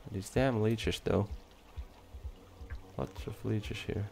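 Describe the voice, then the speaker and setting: A man giving relaxed, chatty commentary while playing a game, talking to the creatures on screen. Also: fairly low pitch, takes it slowly, gravelly. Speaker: let's play gamer. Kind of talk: casual gameplay commentary. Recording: faint game music behind.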